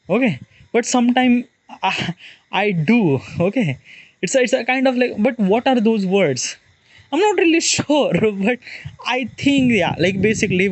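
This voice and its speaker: A man from Maharashtra with an Indian accent, talking in a rambling, casual monologue with lots of fillers and restarts. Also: sits high. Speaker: vlogger.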